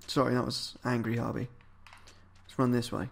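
A man giving casual gameplay commentary as a let's-player, swearing a lot and muttering and yelling at game enemies. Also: mid-range voice, monotone, normal speed, vocal fry, pauses often.

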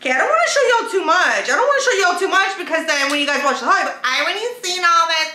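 A woman vlogger chatting casually to her viewers in an excitable, chatty way, swearing now and then. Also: very high-pitched, quick pace. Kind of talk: casual haul vlog chat. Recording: echoey room with faint background noise.

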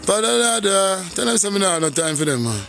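A Jamaican man talks casually into his phone on a live stream, shouting out viewers and breaking into hummed scat syllables. His voice sits fairly high for a man, with faint music playing behind him. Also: sing-song, fast talker, gravelly. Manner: shouts out viewers, hums and scats between lines.

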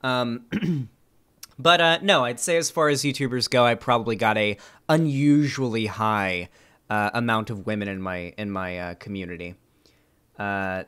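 A man's voice: medium pitch, slow, pauses often, clean tone. A young man streaming, reading online comments aloud and reacting with casual, sarcastic commentary and frequent swearing. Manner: sarcastic, animated, swears freely.

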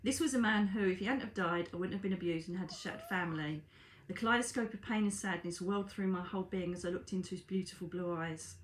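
A woman's voice: on the low side, fast talker, slight background noise. Woman reading her book, echoey room. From Britain. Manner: chatty asides to viewers, calls them darlings. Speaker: psychic medium and author.

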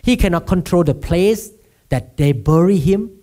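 Preaching with a Thai accent, a pastor from Thailand regularly invites his congregation to answer back and leans on self-deprecating jokes. His voice is high-pitched and animated, with a dark tone and a moderate pace.

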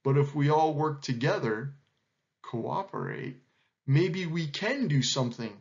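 A man voicing a wise male hornbill who leads the others, speaking in a measured, commanding way. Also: a little high, expressive, darkish tone. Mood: earnest. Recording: dull lo-fi recording.

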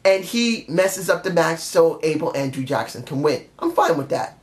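A man's voice: on the high side, lively intonation, normal speed, slight background noise. A man reviewing a wrestling show in a casual spoken style, blunt and exasperated, firing off repeated questions.

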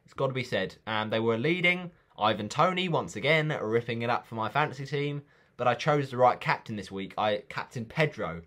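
A man's voice: mid-range voice, animated, brisk, fairly bright tone. Guy rambling about footy picks, chatty, ribs himself a bit, middling voice. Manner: chatty, rambling, self-teasing. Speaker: football predictions vlogger. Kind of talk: casual football chat.

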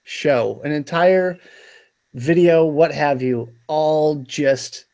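An easygoing man joking through casual live-stream banter. His voice sits a little high for a man. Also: takes it slowly, a little mellow.

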